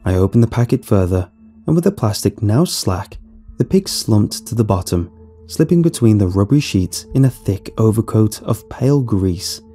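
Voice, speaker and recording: A man narrating a horror story in a scripted, expressive storytelling way. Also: lowish voice, moderate pace. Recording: soft music behind the voice.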